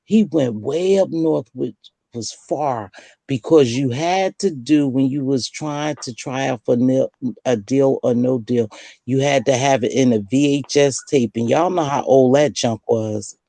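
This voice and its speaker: Gravelly low-voiced older woman telling stories. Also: measured pace, dry recording. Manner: lively storyteller who acts out quoted voices. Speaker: host. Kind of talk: casual late-night chat.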